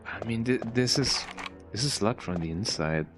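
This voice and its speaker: A man's voice: fairly low pitch, animated, moderate pace, music in the background. A man giving casual, rambling gameplay commentary while streaming, often tagging his sentences with "eh?" and restarting them. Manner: rambling, frequent "eh?" tag and restarts.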